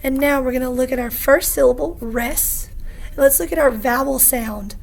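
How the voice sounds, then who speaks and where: A woman teacher giving a phonics lesson, patient and encouraging, repeating each word slowly for young students. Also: high voice, gravelly, slight background noise. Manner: slow, patient, encouraging, repeats words aloud.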